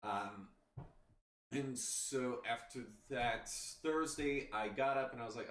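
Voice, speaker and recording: A man's voice: medium pitch, very animated, measured pace, a bit bright. A man chatting casually as a podcast host, telling a rambling story full of restarts and "you know". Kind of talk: casual chat. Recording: roomy, distant mic, faint background noise.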